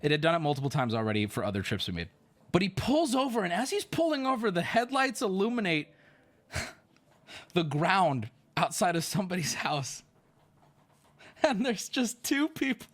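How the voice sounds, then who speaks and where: An animated man tells a story casually on stream. His pitch leaps all over as he exclaims and swears. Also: moderate pace.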